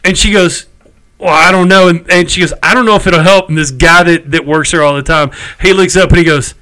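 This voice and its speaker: High, bright-voiced man telling a story. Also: fairly even intonation, fairly quick, rough recording. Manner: chatty, exasperated, salty language. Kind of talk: casual storytelling chat.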